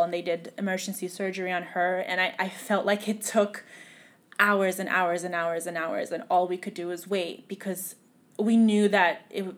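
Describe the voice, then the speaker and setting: A young woman, a podcast guest, telling a painful personal story in a tearful, halting way that sometimes drops to a whisper. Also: lowish voice.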